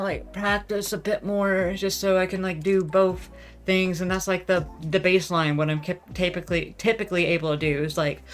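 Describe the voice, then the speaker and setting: A woman's voice: on the low side, a bit bright. A young woman chatting casually on her vlog, rambling, self-deprecating and swearing freely with lots of fillers. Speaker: vlogger.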